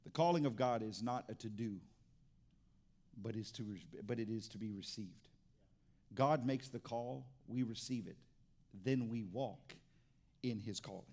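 A man's voice: on the low side, a little slow, pauses often, mellow. A middle-aged pastor preaching a sermon in a conversational way, often restarting his sentences.

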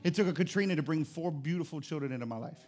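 A middle-aged man, a pastor preaching a sermon to his church, building to loud, emphatic repeated phrases. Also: on the high side, very fast, soft background music. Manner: rising to loud emphatic repetition. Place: church service.

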